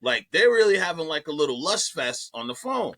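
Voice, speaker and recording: A comedian telling a story on a podcast in an animated way, swearing freely and repeating himself. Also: male voice, on the high side, a little fast, no room sound. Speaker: comedian guest.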